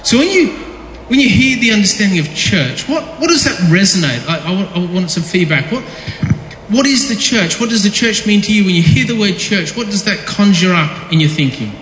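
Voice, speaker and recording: Man, pastor, high voice, chatty sermon, echoey church hall. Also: lively intonation, brisk, fairly bright tone, slight background noise. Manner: conversational, jokey, repeats words when restarting. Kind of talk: casual sermon with audience interaction. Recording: echoey hall with long reverb.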